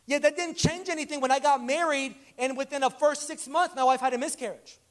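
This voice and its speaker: A man preaching a conversational sermon, telling stories in an animated way and acting out the dialogue. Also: extremely high pitch, fairly quick.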